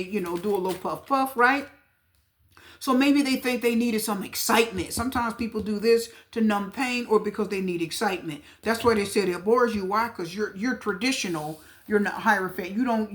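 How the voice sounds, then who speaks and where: A woman giving a pick-a-card tarot reading to her viewers, chatty and repetitive, talking straight to them. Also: mid-range voice. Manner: chatty, repeats herself, talks straight to viewers. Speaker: tarot reader.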